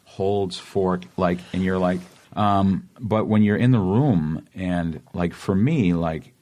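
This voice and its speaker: A man's voice: low voice, takes it slowly. A man in his forties with a Boston accent, an actor chatting as an interview guest and acting out the lines he quotes. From Massachusetts. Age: 40s. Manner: animated storyteller, acts out quotes. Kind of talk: casual interview chat.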